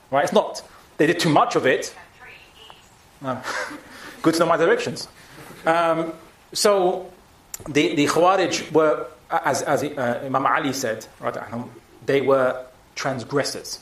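A man's voice: on the high side, animated, measured pace, reverberant, a little hiss or hum. A man giving a public talk and taking audience questions, speaking emphatically with frequent restarts.

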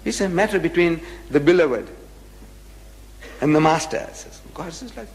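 A man lectures on scripture in a fairly high voice, swinging widely in pitch and dropping to a hush to make a point. He repeats his key phrases to drive them home. A long hall reverb trails each line. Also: animated, normal speed, pauses often. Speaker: religious lecturer. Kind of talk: lecture reading and explaining scripture.

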